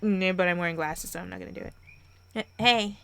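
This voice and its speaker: A woman's voice: fairly low pitch, flat delivery, racing, vocal fry, background noise. A woman playing through a story game, reading its text aloud and breaking off into chatty, self-mocking reactions. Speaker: let's play host.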